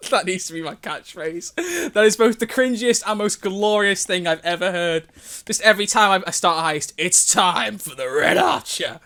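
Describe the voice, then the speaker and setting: A man's voice: high-pitched, very animated, moderate pace, fairly bright tone, smooth. A man streaming live, reading fan fiction aloud with amused, self-mocking commentary. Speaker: livestreamer.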